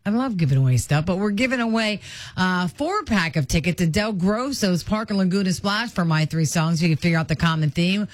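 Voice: mid-range voice, expressive, a little fast, no room sound. Chatty radio DJ with dry studio sound. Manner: chatty, joking, rambling giveaway patter. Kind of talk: casual radio chat. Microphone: studio microphone.

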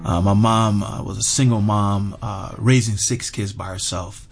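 A man's voice: on the low side, fairly even intonation, measured pace, creaky, music in the background. A middle-aged man telling a heartfelt personal story, earnest, with lots of fillers and repeated words. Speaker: interview guest.

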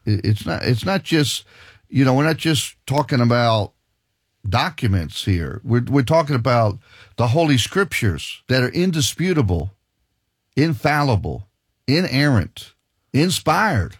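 A man preaching a sermon and reading from the Bible, halting and emphatic, often repeating his words. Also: mid-range voice, sing-song, slightly rough, no room sound, studio quality.

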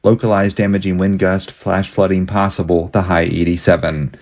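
Radio meteorologist, man, low voice, even informative read. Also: moderate pace. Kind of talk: radio weather forecast.

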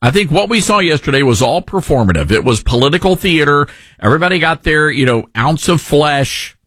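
A man's voice: a little high, animated, brisk, fairly bright tone, no room sound. A middle-aged man hosting a call-in talk show, giving sarcastic, opinionated commentary and mocking people he disagrees with. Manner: sarcastic, mocks others with put-on voices. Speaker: call-in radio show host.

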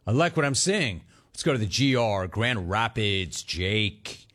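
A man's voice: fairly low pitch, very animated, unhurried, fairly bright tone. A man hosting a call-in sports talk radio show, brash and joking, calling people dude and bro.

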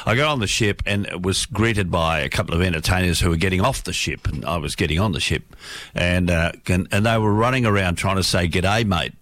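Middle-aged Australian male presenter, deep and dry, casual anecdotal patter between tracks. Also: brisk, a bit bright, no echo. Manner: rambling anecdotal storytelling with many fillers. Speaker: radio presenter. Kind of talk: casual radio chat between songs.

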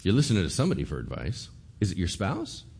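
Lively, storytelling male pastor. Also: low-pitched, fast talker, gravelly, slightly rough. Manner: lively storytelling, acts out voices, rhetorical questions. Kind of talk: sermon.

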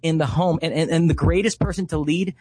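A man in his thirties, a ministry leader, telling a heartfelt story in conversation, often pausing with "uh" and "you know". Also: a little high, steady tone, a little mellow, husky, no echo.

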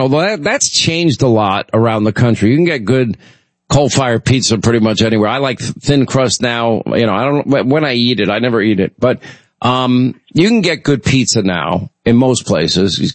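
A man's voice: mid-range voice, animated, normal speed, no room sound. A man hosting a call-in radio show, telling rambling, chatty stories with lots of restarts. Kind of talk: casual talk radio chat.

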